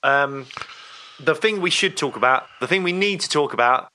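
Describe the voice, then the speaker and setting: A man's voice: a little high, expressive, moderate pace, sharp tone. A man co-hosting a fan podcast, chatting keenly about upcoming fights. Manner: enthusiastic, chatty fan talk. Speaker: podcast co-host. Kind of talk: casual chat.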